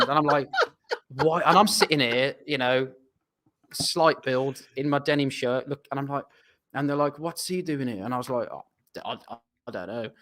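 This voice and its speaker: A man's voice: mid-range voice, a bit bright. English man telling a rambling story. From England. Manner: rambling anecdotal, self-deprecating. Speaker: guest footballer. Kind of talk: casual storytelling.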